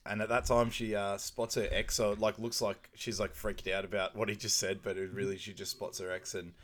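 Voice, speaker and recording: A man co-hosting a podcast, chatting casually and retelling film scenes with lively acted-out quotes and frequent laughter. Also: fairly low pitch, fairly quick. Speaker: podcast co-host. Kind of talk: casual film recap chat.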